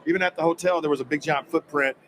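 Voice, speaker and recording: A man telling an animated story about a personal experience, acting out quoted dialogue with emphatic energy. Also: a little high, fast talker, a little hiss or hum, rough recording. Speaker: guest recounting a personal experience.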